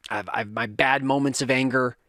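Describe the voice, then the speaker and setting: A man's voice: mid-range voice, steady tone, moderate pace, bright, forceful tone, no echo, studio quality. A man in his thirties hosting a podcast, telling a rambling, self-correcting story in a casual rant that acts out his kids' voices. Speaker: podcast host.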